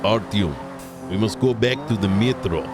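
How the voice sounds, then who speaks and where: A man putting on a Russian accent to voice a stern young man in a video game, speaking low and urgently. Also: normal speed, over music, close to an everyday voice. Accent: Russian (put on).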